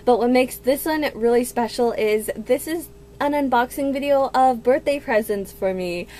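A woman in her twenties, gushing and excitable in a casual unboxing vlog at home, with gasps and squeals. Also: a little high, normal speed, slight background noise. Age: 20s. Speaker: book vlogger.

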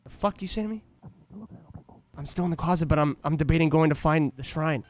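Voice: medium pitch, fairly quick, darkish tone. A streamer chatting casually on stream, laughing often and swearing playfully. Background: faint lo-fi music.

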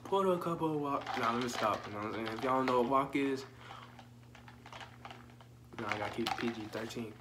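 Fairly quick but with long pauses, this storytime vlogger has a medium-pitched voice and a noisy background. The young man cracks jokes with viewers while telling a story full of swearing and slang.

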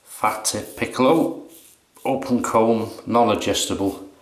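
A man casually narrating his shave in a relaxed, chatty, self-mocking way, recorded in his bathroom. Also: lowish voice, unhurried. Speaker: shaving vlogger. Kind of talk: casual narration while shaving. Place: bathroom at home. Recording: echoey bathroom.

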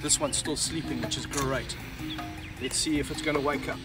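A man presenting a wildlife vlog while handling snakes, out of breath and excited. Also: medium pitch, normal speed. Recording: music bed under the voice.

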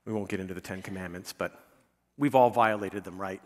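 A man's voice: low-pitched, fairly quick. A male pastor preaching a conversational sermon, often checking in with the congregation with "okay?" and "right?", and building to emphatic, pleading peaks. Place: church sanctuary. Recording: long church reverb.

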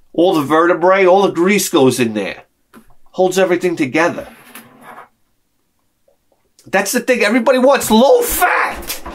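Loud, ranting man with a lively voice. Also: high voice. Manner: swings from mutters to loud shouted outbursts; profane and sarcastic. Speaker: vlogger. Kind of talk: rambling comic rant to camera.

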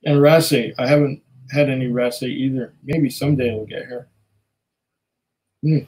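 A man's voice: mid-range voice, fairly even intonation, normal speed, darkish tone, poor audio. A man hosting a casual live stream, chatting loosely with many fillers and small laughs while reading viewer comments. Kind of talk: casual chat.

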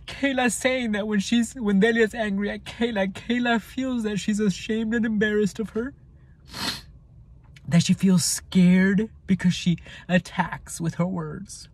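High-voiced man, raw and emotional. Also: measured pace, darkish tone, husky, dry recording. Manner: emotional, repeats himself, swears. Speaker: vlogger telling his own story. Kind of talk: raw personal account.

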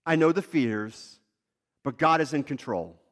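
An earnest young male warrior leader pleads with his god in a slow, high voice, as a preacher acts him out in a sermon. His lines come drawn out and searching, with an upward lift in tone. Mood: reassuring.

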